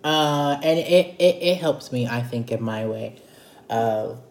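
A man's voice: mid-range voice, animated, slow pace, reverberant. A man leading a casual Bible study, retelling scripture in a chatty, playful way. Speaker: Bible teacher.

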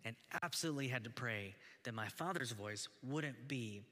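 A pastor in his thirties preaches in a church, his voice bright and forceful. He talks earnestly and conversationally, restarting phrases and tossing in "right?" to the congregation. The sound carries a long reverb from the hall. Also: medium pitch, moderate pace. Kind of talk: sermon.

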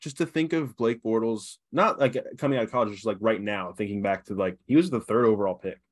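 Male podcast co-host with a fairly deep voice, musing slowly between fillers. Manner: halting, reflective, many fillers. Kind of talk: casual sports chat.

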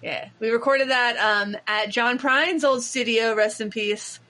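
Chatty woman on a podcast, bright higher voice, tells stories fast and animated. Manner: chatty, animated storytelling with quick asides. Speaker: podcast co-host. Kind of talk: casual chat.

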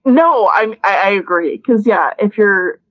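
A woman's voice: medium pitch, expressive, measured pace, dull audio. A woman guest on a podcast in casual chat, agreeable and brief.

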